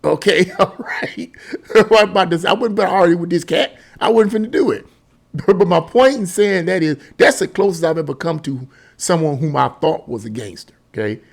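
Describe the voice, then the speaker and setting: A man with a slightly higher voice and a gravelly fry talks through his casual video commentary. He rambles in a loose, chatty way and keeps breaking into chuckles. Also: fairly quick. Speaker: political commentary vlogger.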